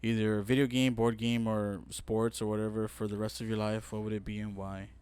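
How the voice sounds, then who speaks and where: Young man, podcast co-host, casual chat, animated storytelling, loud acted-out quotes. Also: fairly low pitch, a little fast, clear, resonant tone, no echo.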